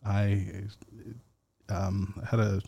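A man hosting a casual solo podcast, talking slowly and rambling with fillers and chuckles. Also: on the low side, completely flat delivery, creaky, mellow, no room sound, muffled recording. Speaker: podcast host.

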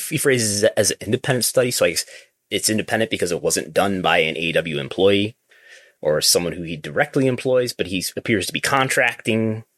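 A man with a deep, low voice co-hosts a casual wrestling news talk. He stammers and restarts as he goes, then fires off strings of questions. The sound is dry and close, with no room around it. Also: a bit bright, no echo. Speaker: podcast co-host.

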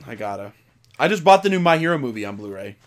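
A man co-hosting a casual podcast, excitable and quick to act out his own loud reactions. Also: mid-range voice. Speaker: podcast co-host.

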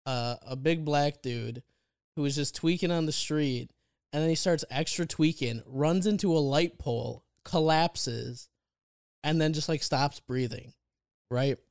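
A man's voice: on the high side, a little slow, a little mellow, smooth, no room sound, clean studio sound. A man co-hosting a podcast, telling stories in a casual chat and laughing as he goes. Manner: laughs through his own stories, jokey. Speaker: podcast co-host.

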